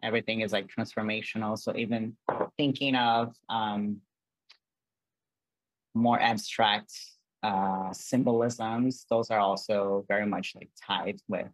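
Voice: medium pitch, steady tone, a little slow, no echo, poor audio. A guest artist talking in a casual interview, earnest and rambling, with lots of "like" and "um.".

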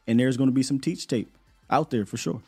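A man's voice: mid-range voice, a little fast, darkish tone, husky, soft background music. A man hosting a casual sports talk show, making his points with emphatic repetition and calling guests in. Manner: emphatic, repeats points for effect.

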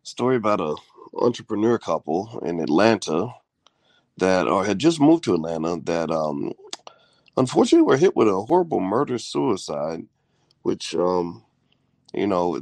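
A man's voice: deep voice, lively intonation, moderate pace, a little mellow, no echo. A man hosting a casual live-stream chat with his wife, in a groggy morning voice and rambling with many fillers. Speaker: host.

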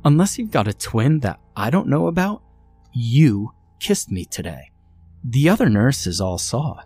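A man's voice: mid-range voice, big pitch swings, unhurried, a little mellow, breathy edge, faint music behind, voice pushed up, heavily acted. A man voicing a furious young woman, a nurse and wife, who snaps, swears and accuses.

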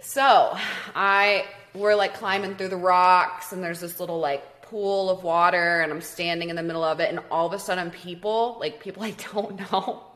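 A young woman telling a story in casual chat, animated, swearing freely and saying "like" a lot. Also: lowish voice, moderate pace, few pauses.

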